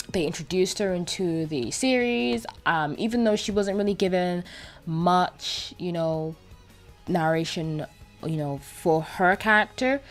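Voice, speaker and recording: A young woman talks through a cartoon episode in a loose, chatty review, stumbling over words and circling back as she goes. Her voice sits a little low for a woman. Faint music plays quietly behind her. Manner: chatty and animated, with many fillers and restarts. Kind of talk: casual spoken episode review.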